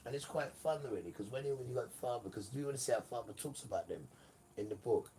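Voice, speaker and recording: A man's voice: medium pitch, expressive, quick pace, warm tone. A man giving a rambling, emphatic live-stream monologue, often turning to his audience. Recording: distant mic with faint room noise.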